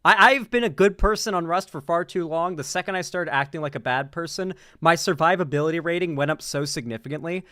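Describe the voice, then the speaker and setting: A man's voice: fairly high pitch, brisk, hardly any pauses, pushed and bright, dry recording. Rambling man with a dry close voice. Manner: rambling, repeats words, laughs at own jokes. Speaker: political commentary streamer. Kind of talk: casual livestream commentary.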